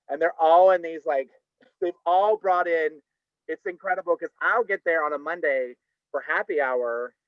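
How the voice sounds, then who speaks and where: A campy, chatty older man spins a story and keeps tossing in "honey." His voice sits a little high. The video call audio is dull and dry, with no room sound. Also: no echo. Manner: campy, chatty, says "honey, okay?" often. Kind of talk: live storytelling.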